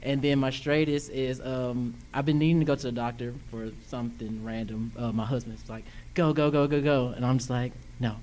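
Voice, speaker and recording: A man's voice: mid-range voice, little pitch movement, fairly quick, hardly any pauses, a little mellow, a little hiss or hum. A man from Texas with a folksy, rambling, self-deprecating way of telling a story. He speaks from the audience at a live podcast taping, with faint ambience behind him. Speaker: audience member. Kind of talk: casual sharing at a live show.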